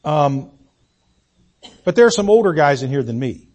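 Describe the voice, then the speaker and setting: A man in his sixties, a pastor preaching a folksy, self-deprecating sermon with halting restarts. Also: on the high side, big pitch swings, a little mellow. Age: 60s.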